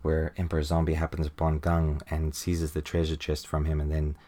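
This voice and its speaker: A man with a low voice talks through a comic book in a relaxed podcast chat. He laughs now and then and jumps into high, squeaky put-on voices whenever he reads a character's lines. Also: fairly quick. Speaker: podcast host. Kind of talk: casual comic book review.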